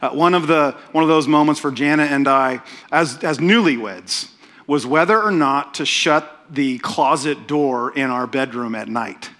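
A man's voice: medium pitch, measured pace, fairly bright tone. A middle-aged man, preaching a sermon as pastor in a conversational, self-deprecating way, often checking in with "right?". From Oklahoma, USA.

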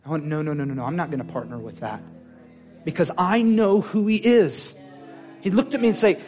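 A man's voice: a little high, moderate pace, soft background music. Impassioned folksy man preaching. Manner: swings from loud emphatic declarations to quiet intimate prayer; folksy, plain-spoken. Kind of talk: sermon. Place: church service.

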